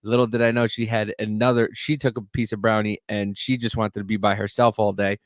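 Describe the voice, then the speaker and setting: A man co-hosting a podcast, telling a long self-mocking story in a loose, profane, animated way. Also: on the low side, fairly quick, dry recording, clean studio sound. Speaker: podcast co-host. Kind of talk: casual storytelling chat.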